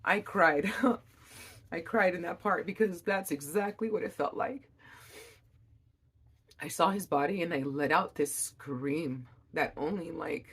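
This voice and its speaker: Husky-voiced young mother telling her story. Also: on the low side. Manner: halting, with many restarts and fillers; emotional, reliving events. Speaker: mother sharing a personal story. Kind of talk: emotional first-person storytelling.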